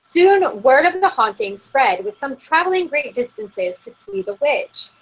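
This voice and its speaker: Over a low-quality remote call, a podcast co-host with a high, very animated voice takes her time. She giggles through a spooky story she's reading from an article, keeping it casual and leaning heavily on "like."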